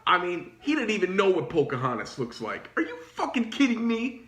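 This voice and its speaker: A man's voice: high voice, wildly swooping pitch, a little fast, fairly bright tone. A man who owns a knife company, telling a heated, profane story in a blunt ranting monologue. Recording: roomy echo.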